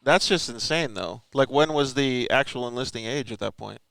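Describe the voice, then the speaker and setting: A man co-hosting a casual talk show, easygoing and quick to chime in. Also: medium pitch, creaky, a bit bright, smooth, no room sound. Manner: quick, easygoing, laughs along. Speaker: co-host. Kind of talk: casual chat.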